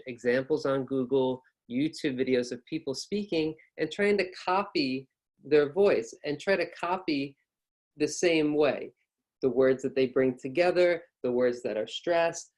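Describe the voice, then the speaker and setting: A man teaching a pronunciation lesson, exaggerating rises and falls in his voice to demonstrate, repeating points patiently and encouragingly. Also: mid-range voice.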